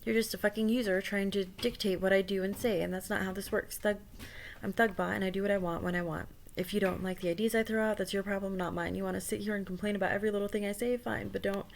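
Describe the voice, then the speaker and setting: Woman reading out a hostile chatbot, sneering, scornful, repetitive put-downs, middle pitch, faint background hiss. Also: fairly even intonation, quick pace, gravelly, lightly acted. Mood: contemptuous. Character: hostile swaggering chatbot, contemptuous toward users.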